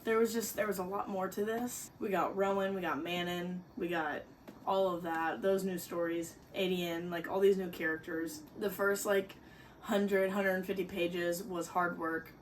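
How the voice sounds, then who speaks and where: A woman's voice: on the low side, steady tone, moderate pace, a little hiss or hum. A young woman chatting casually in her bedroom while reading, giggly and dramatic in her reactions. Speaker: book vlogger. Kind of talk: casual reading vlog commentary. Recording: distant mic with music underneath.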